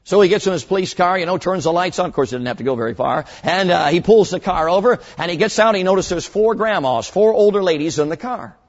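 A man preaching with a high voice that rises and falls with feeling. His tone is a little husky, and he stresses key words slowly and earnestly. He sounds muffled, with a long reverb trailing off in a large hall. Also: animated. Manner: tells stories with short acted voices. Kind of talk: sermon.

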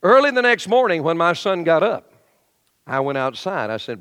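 A middle-aged male pastor preaching a lively sermon in a church, acting out the voices of complainers and shifting to quiet storytelling. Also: fairly high pitch, normal speed, clear, resonant tone. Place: church sanctuary. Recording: long hall reverb.

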